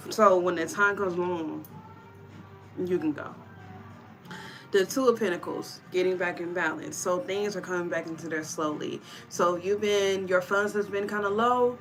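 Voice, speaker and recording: A woman with a somewhat low voice talks through a tarot reading in a relaxed, chatty way. She encourages her viewers warmly and calls them y'all. Faint music plays under her voice. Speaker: tarot reader.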